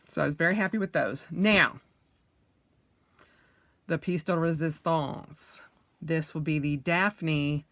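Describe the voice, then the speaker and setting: A woman vlogger talks through an unboxing in a relaxed, chatty way. Her voice sits fairly low and she takes her time, with an easy, enthusiastic warmth. The sound is dry and close, with no room echo. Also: vocal fry. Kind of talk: casual unboxing chat.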